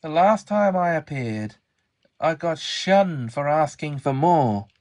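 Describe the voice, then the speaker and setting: Male fan voice actor; unhurried, rambling, self-aware asides, slightly high voice. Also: lively intonation, darkish tone. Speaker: voice actor for a fan model-train series. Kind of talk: casual in-character banter.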